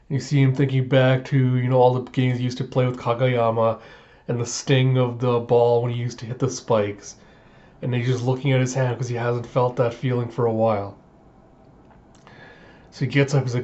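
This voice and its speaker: A man casually recapping a manga chapter, acting out the characters' lines in quick, animated voices. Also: mid-range voice, muffled recording. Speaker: manga reaction host.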